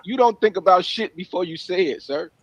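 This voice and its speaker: Livestream guest, high-pitched man, confrontational and lecturing. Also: expressive, a little fast, a little hiss or hum, poor audio. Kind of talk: heated livestream argument.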